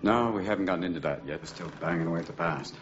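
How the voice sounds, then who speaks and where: A man's voice: low-pitched, very fast, echoey room, close to an everyday voice. An actor playing a joking, easygoing male therapist in film dialogue. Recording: muffled film audio with music.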